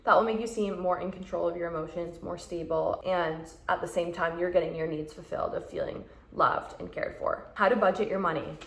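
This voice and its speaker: A woman's voice: fairly low pitch, fairly even intonation, a little fast, creaky, hardly any pauses. A young woman vlogger giving frank, chatty advice and acting out quoted thoughts. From Canada. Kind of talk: casual advice chat. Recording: roomy echo.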